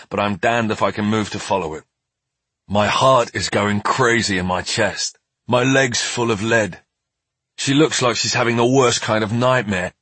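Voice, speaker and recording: A man's voice: on the low side, fairly bright tone, husky, no echo. A man narrating a story in the first person, tense and earnest. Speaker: audiobook narrator.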